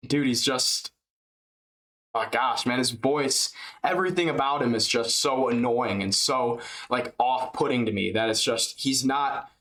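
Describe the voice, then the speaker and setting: A man's voice: mid-range voice, a little slow, bright, forceful tone. Young guy, casual rant, slang and swearing, rambling, middling voice. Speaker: reaction video host. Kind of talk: casual reaction commentary.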